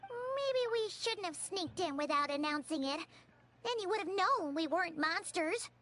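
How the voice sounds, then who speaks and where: A woman's voice: very high voice, expressive, normal speed, fairly bright tone, a little hiss or hum. A woman voicing Paimon, a tiny, chatty, girlish floating companion in a video game who talks about herself in the third person. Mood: relieved. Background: game music.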